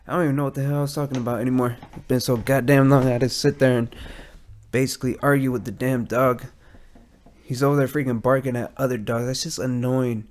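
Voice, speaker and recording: A man's voice: medium pitch, a little mellow. A young adult man, hosting a rambling, profane solo podcast from his garage. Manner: rambling, profane, laid-back. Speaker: podcast host. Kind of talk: casual solo podcast monologue. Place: home garage.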